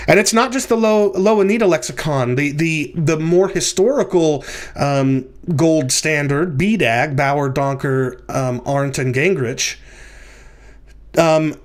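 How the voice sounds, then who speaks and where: A man hosting a theology podcast, teaching in a lecture style over slides, with frequent fillers and restarts. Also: a little high.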